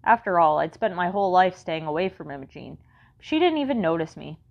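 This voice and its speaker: A woman reads a first-person children's story in a wry, conversational way. Her voice sits on the low side, and the recording sounds dull and muffled. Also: expressive, brisk, vocal fry. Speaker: audiobook narrator.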